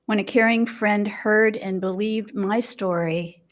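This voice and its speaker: An older woman giving a gentle, reflective sermon at a fellowship service, speaking in measured phrases with pauses. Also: medium pitch, steady tone. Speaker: lay speaker. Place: fellowship hall, indoors.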